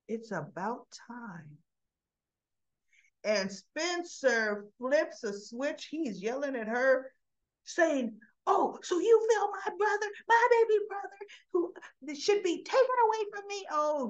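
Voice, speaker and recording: A woman casually retelling a soap opera episode in a chatty way, jumping up in pitch to act out the characters' lines. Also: lo-fi sound. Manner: chatty, acts out quotes with rising pitch. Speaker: soap opera recap vlogger.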